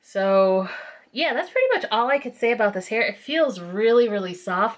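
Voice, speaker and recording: A woman's voice: medium pitch, expressive, moderate pace, fairly bright tone. A woman reviewing a product in a casual vlog, chatty and full of fillers, sounding nasal and congested. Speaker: beauty vlogger.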